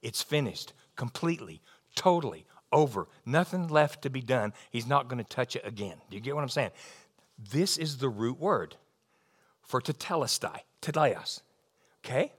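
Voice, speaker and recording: This middle-aged preacher tells his sermon in a folksy, animated storytelling style that rises into excited bursts. His pitch is medium, his speed normal, and his voice slightly rough.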